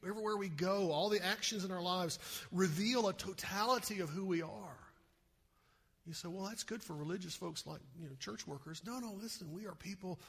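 A male pastor giving an animated sermon and often asking the listeners rhetorical questions. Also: fairly high pitch, husky.

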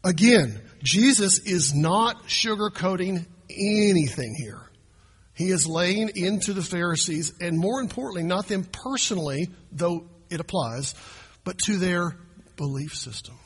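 A man's voice: high voice, expressive, measured pace, slightly rough. A man, preaching a sermon as pastor and talking to his congregation in a conversational way. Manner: conversational, asks the congregation questions. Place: church sanctuary. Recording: long hall reverb.

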